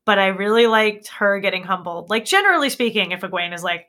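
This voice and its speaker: A woman's voice: medium pitch, animated, a little fast, pushed and bright. A woman co-hosting a podcast in casual chat, talking animatedly with lots of filler words. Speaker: podcast co-host.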